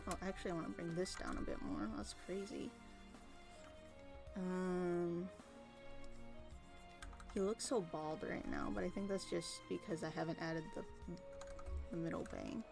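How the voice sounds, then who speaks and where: A woman's voice: on the low side, sing-song, a little slow, gravelly, pauses often. A young woman chatting casually and venting while she works on a drawing, rambling and swearing freely. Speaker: art streamer. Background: soft background music.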